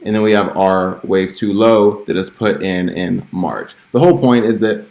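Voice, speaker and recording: A man's voice: low voice, fairly even intonation, normal speed, creaky, a little mellow, roomy sound. A man hosting a stock trading channel, casually walking through chart analysis with many filler words. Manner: chatty, full of "you know" and "uh" fillers.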